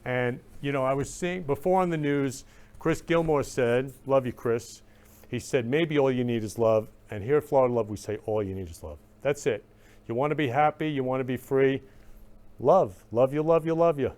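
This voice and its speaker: A man hosting a live-stream talk show, overflowing with affection. He gushes and gets emotional, repeating loving greetings again and again. His voice sits at an ordinary middle pitch. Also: moderate pace, a little mellow. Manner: effusive, repeats "love you" over and over; emotional, gushing. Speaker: host.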